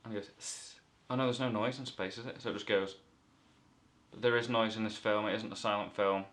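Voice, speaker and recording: A man's voice: lowish voice, steady tone, fast talker, a bit bright. A man from the north of England giving a rambling, playful comic movie review full of self-corrections.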